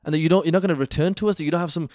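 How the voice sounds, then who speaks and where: A young man tells a story as a podcast guest. His talk runs quick, loose and casual, with slang and fillers. The sound is close and dry, with no room echo. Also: fairly high pitch. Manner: lively, chatty, with slang and lots of fillers. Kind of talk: animated storytelling in casual chat.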